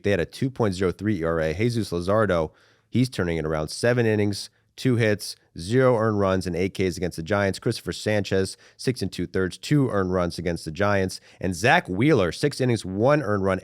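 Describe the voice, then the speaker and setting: A man hosting a sports podcast, chatting casually in an animated, slangy, rambling way. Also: low-pitched, fairly quick, no echo, clean studio sound. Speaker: podcast host.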